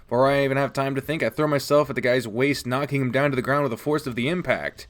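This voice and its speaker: A young man hosting a let's play, reading a visual novel aloud with animated, cursing reactions. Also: medium pitch, fast talker. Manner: animated, swearing, laughs at names.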